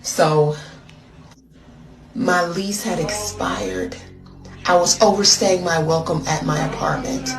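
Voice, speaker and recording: A woman's voice: on the low side, big pitch swings, takes it slowly, pauses often, echoey room, faint music behind. American woman telling a gossipy story. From United States. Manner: slangy, dramatic, gossipy. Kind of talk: casual storytelling on social media.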